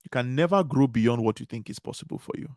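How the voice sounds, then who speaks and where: A man's voice: medium pitch, fast, a little mellow, dry recording, studio quality. A man giving a motivational conference talk, repeating key phrases with emphatic, preaching cadence. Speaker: conference speaker.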